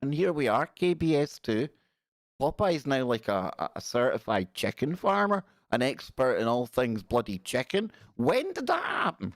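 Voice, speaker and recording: A man's voice: mid-range voice, big pitch swings, normal speed, no echo, studio quality. A man in his forties hosting a live stream, chatting in a rambling, joking way and reading out viewer messages. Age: 40s. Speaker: live-stream show host. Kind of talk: casual live-stream chat.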